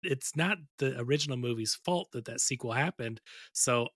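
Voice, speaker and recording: A man in a casual film-review chat, making his case in a quick, argumentative way. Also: medium pitch, fairly bright tone, dry recording.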